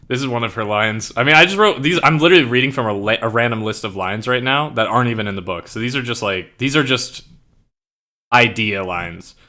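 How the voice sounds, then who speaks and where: While writing on stream, a young man talks casually in a brisk, mid-range voice that sounds pushed and bright. He swears freely, says "like" and "bro" a lot, and jumps at the chance to explain slang.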